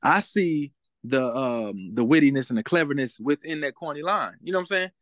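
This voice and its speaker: A man's voice: on the high side, expressive, a little fast, fairly bright tone, dry recording. A young man as a guest in a casual interview, talking in a laid-back way and often asking "you know what I'm saying?".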